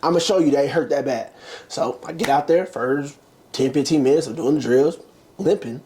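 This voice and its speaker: A man's voice: mid-range voice, moderate pace, a little mellow. A young man casually telling a long story as an interview guest, acting out the quotes with big jumps in his voice. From United States. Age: young adult. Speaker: interview guest, former college basketball player.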